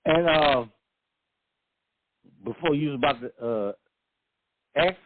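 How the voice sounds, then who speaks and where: A man's voice: a little high, slow pace, slight background noise. Man chiming in over a phone line. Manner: brief affirmations, summarizing the caller. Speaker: radio host. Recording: tinny phone line from far off.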